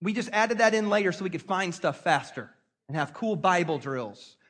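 High-voiced storytelling man preaching. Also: normal speed, husky. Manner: conversational storytelling preacher, animated call-and-response. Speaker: pastor. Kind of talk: sermon.

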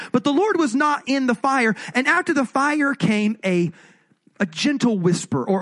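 A pastor giving an animated, jokey, conversational sermon. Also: male voice, high-pitched.

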